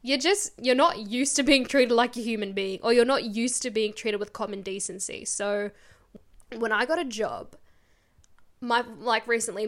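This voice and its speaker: A young woman from Australia co-hosting a podcast, telling stories earnestly and emphatically. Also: on the high side. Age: young adult. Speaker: podcast co-host. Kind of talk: casual chat.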